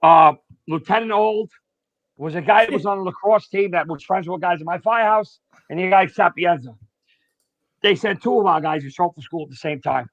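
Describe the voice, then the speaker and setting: A man's voice: high voice, a little fast, dry recording. A middle-aged man, a retired firefighter telling stories bluntly and profanely as a podcast guest. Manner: blunt, profane, animated storyteller. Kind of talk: casual storytelling. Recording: dull, dry lo-fi sound.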